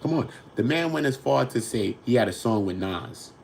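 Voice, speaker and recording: A man from New York with a New York accent hosting a casual commentary show, swinging between loud outbursts and low mutters. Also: lively intonation, normal speed, vocal fry, slight background noise. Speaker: host.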